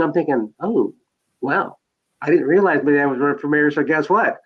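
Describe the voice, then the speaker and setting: A man's voice: on the high side, fairly quick, slightly rough. Rambling man telling his life story. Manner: rambling storyteller, many fillers and restarts. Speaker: podcast guest. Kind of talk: personal life story told in conversation. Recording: dull lo-fi sound.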